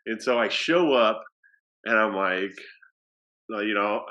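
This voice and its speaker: Bright-voiced man telling a story. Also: on the low side, takes it slowly. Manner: rambling with many fillers and restarts. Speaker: athletic director. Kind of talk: casual storytelling.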